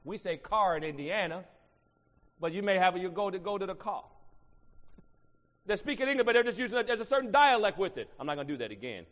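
A middle-aged man from Ohio with an Ohio accent, preaching a sermon. He swings between shouted emphasis and low asides and draws the congregation into call-and-response. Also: big pitch swings, quick pace. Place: church sanctuary. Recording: long reverb in a large hall.

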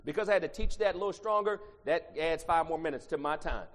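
A male pastor preaching a sermon, swinging from quiet asides to loud shouted lines. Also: a little high, fast, hardly any pauses. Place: church sanctuary. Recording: long church reverb.

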